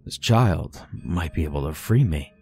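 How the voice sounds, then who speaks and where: Deep slow male horror narrator. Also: expressive, a little mellow, slight background noise. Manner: measured, dramatic storytelling.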